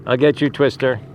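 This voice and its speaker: A man's voice: medium pitch, vocal fry, darkish tone, slight background noise. A man who rescues animals, talking casually and affectionately to dogs at an outdoor sanctuary. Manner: coaxing, affectionate baby talk to dogs. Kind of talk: casual talk to dogs and camera.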